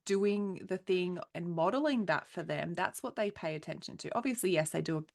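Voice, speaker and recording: A woman's voice: lowish voice, lively intonation, moderate pace, vocal fry, a little mellow. A woman podcast host in casual conversation, chatty and laughing through her stories.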